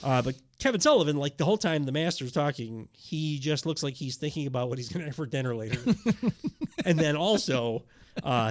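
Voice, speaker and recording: A man co-hosting a podcast in a casual, rambling chat, often laughing and filling pauses. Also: medium pitch. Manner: rambling, laughing, filler-heavy. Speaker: podcast co-host.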